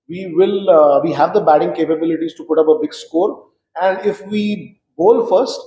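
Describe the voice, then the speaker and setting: Male guest, mellow voice, vivid storyteller, roomy echo. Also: fairly high pitch. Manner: animated storyteller, frequent fillers. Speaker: cricket guest recalling matches. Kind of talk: reminiscing conversation.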